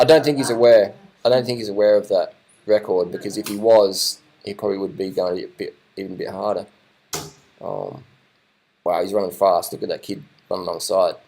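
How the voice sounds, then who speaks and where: Aussie guy riffing over race footage, hyped, says stuff twice, bit of swearing, lowish voice. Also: vocal fry. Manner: excited, repeats himself, swears casually. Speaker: commentator reacting to race footage. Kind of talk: casual live commentary.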